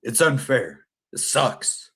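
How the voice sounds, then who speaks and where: A middle-aged man speaking at an ordinary pitch as he tells a personal story in a vlog. He rambles, restarts and corrects himself. His tone stays earnest and heartfelt. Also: very animated, slow pace, a bit bright, breathy edge. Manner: earnest and emotional. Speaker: vlogger telling his life story.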